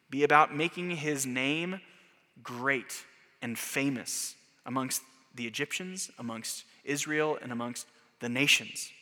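A man's voice: medium pitch, sharp tone, big-room sound. A man preaching a sermon, earnest and building to emphatic rhetorical questions. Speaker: pastor.

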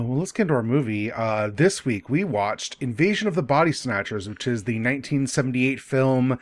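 A man hosting a podcast in casual chat, relaxed and steering the talk over a remote call. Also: mid-range voice. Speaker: podcast host. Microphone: remote call mic.

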